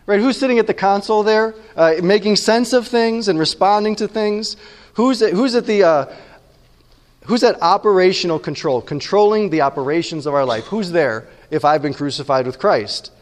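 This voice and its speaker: High-pitched guy preaching, chatty, keeps asking "right?", echoey hall. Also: expressive, normal speed. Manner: conversational, asks the room "right?" often. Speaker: pastor. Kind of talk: sermon.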